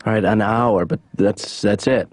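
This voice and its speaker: An actor playing an aimless, sarcastic young adult son in a cartoon, with a dry, mumbling, deadpan delivery. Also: male voice, lowish voice, measured pace. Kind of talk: cartoon voice acting.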